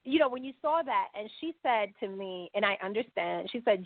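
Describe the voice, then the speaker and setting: Woman, podcast guest, animated storytelling, tinny phone line, dry. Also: medium pitch, normal speed, few pauses, no room sound. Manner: animated storyteller acting out quoted dialogue.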